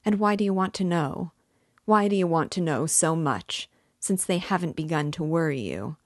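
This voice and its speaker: A woman's voice: lowish voice, expressive, normal speed, no room sound, studio quality, lightly acted. A woman voicing a sly, good-humored male examining lawyer who questions mockingly, in an audiobook reading. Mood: teasing. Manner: teasing, mock-friendly questioning.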